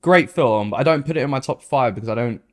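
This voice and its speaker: A young man co-hosting a podcast in relaxed casual chat, agreeable and quick to laugh. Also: mid-range voice. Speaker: podcast co-host.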